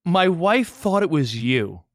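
A man's voice: a little high, big pitch swings, slow, no echo, studio quality. A man co-hosting a radio show, teasing his co-host in easygoing banter.

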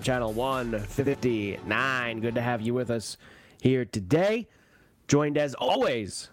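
A man's voice: mid-range voice, dry recording. A man hosting a sports radio show, talking in an emphatic, mocking way and repeating himself.

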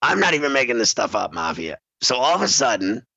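A man hosting sports talk, telling a rambling story in an animated way and laughing often. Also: medium pitch, a little fast, creaky, dry recording, lo-fi sound.

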